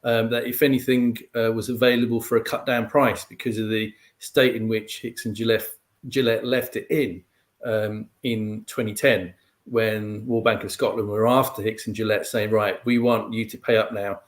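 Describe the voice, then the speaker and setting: A male guest pundit giving measured, explanatory analysis in conversation, often filling with "um" and "you know". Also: lowish voice, flat delivery.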